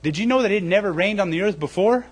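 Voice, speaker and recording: High, lively-voiced man preaching. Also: fast. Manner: conversational, keeps asking "okay?" and "right?"; acts out mocking voices loudly. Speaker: pastor. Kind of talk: sermon. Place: church service.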